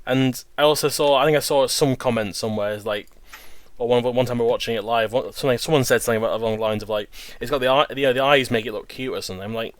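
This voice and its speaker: A man's voice: medium pitch, fairly even intonation, very fast, dry recording. A man chatting as a guest in a casual group talk, rambling and laughing often. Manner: giggly, rambling. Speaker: podcast guest. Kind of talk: casual chat.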